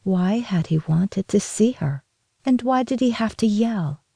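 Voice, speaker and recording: Gravelly woman reading a story. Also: medium pitch, expressive, a little slow, dark tone, dry recording. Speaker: narrator. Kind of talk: scripted story narration.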